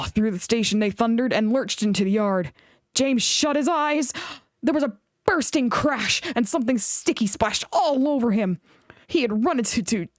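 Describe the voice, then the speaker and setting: A woman reading a children's book aloud in an expressive storytelling voice. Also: on the high side, no room sound, studio quality. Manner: expressive, animated read-aloud.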